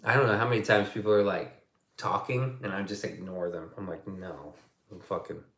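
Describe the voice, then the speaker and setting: A man's voice: fairly low pitch, brisk, fairly bright tone. Profane rambling man in a roomy echo. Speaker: streamer. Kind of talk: casual livestream chat.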